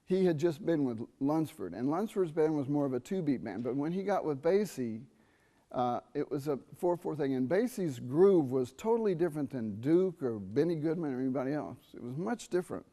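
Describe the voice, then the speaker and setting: A man's voice: fairly high pitch, lively intonation, brisk, dark tone. A middle-aged man giving a jazz trumpet masterclass in a conversational way, quizzing his listeners and singing out rhythms. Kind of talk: masterclass talk. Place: university theatre stage.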